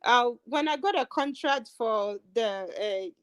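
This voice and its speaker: A woman, a substitute teacher and guest, telling animated stories in a casual chat. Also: sits high, a little slow, no echo. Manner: animated storyteller, laughs often.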